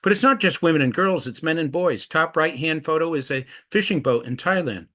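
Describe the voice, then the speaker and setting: A man's voice: on the high side, expressive, brisk, a bit bright. Earnest middle-aged man telling stories. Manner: earnest, acts out quoted voices in anecdotes. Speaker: anti-trafficking activist speaker. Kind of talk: storytelling presentation.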